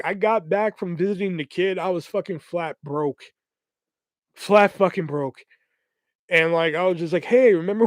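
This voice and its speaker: Young male podcast host, slightly higher voice, dry close sound, swearing and animated while he tells a story. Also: no echo. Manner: profane, animated retelling with quoted voices. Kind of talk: casual storytelling.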